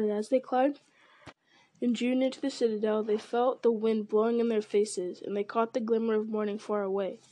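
A woman reading an audiobook in a measured narrating voice, with occasional slips. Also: a little high, dark tone.

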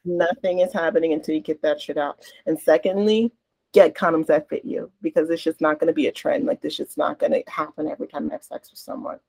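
A woman's voice: low voice, fairly even intonation, fast, creaky, darkish tone, dry recording. Woman cohost just chatting, blunt n candid, swears a lot, dry close sound. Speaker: podcast co-host. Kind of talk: casual chat.

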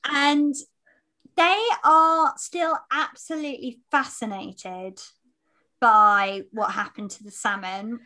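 A woman's voice: fairly high pitch, steady tone, slow, bright, forceful tone. A woman co-hosting a podcast in casual chat, bubbly and laughing between phrases. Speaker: podcast co-host.

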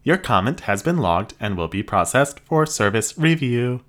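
A woman's voice: rumbling low, very animated, moderate pace, pitched above the performer's own voice. A man voicing a prim female security robot that speaks in stiff, formal customer-service phrases. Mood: politely robotic. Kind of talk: audiobook character voice.

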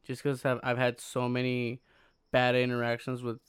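Young American podcast co-host, cusses a lot, clean smooth tone, dry studio sound. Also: male voice, mid-range voice, monotone, no echo. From United States. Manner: profane, quickly heated. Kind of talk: casual podcast chat.

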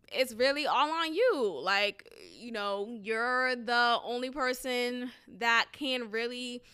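A woman in her thirties, an educator, telling a story in a casual vlog, venting in an animated way with lots of fillers and some swearing. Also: high-pitched, clear, resonant tone.

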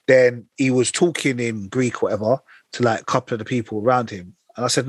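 A young man with a slightly husky voice rattles off a long anecdote at a fast clip, full of slang and quoted exchanges. The sound is close and dry. It is casual podcast chat between friends. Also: medium pitch, no room sound. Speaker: podcast co-host.

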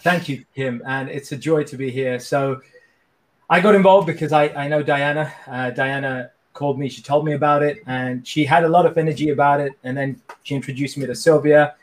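A man appearing as a podcast guest who talks in a joking, playful and energetic way. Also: a little high, brisk. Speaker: coach and guest. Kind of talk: casual interview chat.

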